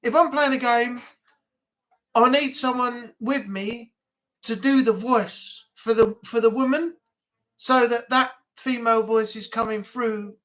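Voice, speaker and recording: A northern English man hosting a relaxed weekly live chat on his stream. He rambles along casually, filling pauses with ums and uhs as he answers his chat. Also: extremely high pitch. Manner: rambling, relaxed, with many fillers. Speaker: livestream chat host.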